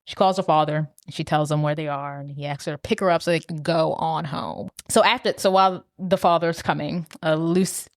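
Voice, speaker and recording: Low-voiced woman recapping a movie. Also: a little fast, hardly any pauses, no room sound, studio quality. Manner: animated retelling, acting out lines in quotes. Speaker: podcast co-host. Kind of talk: casual movie recap chat.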